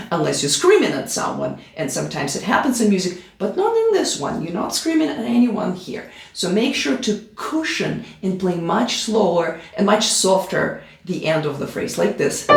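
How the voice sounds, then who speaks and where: A woman's voice: on the low side, gravelly. A woman teaching piano in a play-along tutorial, giving patient step-by-step instructions. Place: room with a piano. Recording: roomy room with piano playing. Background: piano playing.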